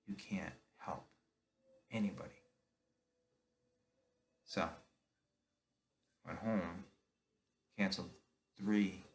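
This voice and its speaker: A middle-aged man with a very low, gravelly voice tells his own story. He speaks candidly and confessionally, acting out the people he quotes in his own voice. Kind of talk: personal storytelling monologue.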